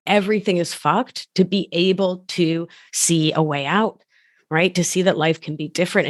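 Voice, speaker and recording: A woman hosting a podcast interview, affirming her guest with soft murmurs and heartfelt thanks. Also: lowish voice, no room sound, studio quality. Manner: affirming, many soft hums. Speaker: podcast host and life coach. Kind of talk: warm interview conversation.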